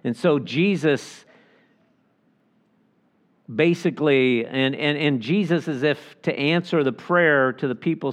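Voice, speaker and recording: A man's voice: fairly high pitch, slow pace, long pauses. A man who is a pastor, explaining a Bible chapter and stopping now and then to picture the scene aloud. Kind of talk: expository Bible teaching.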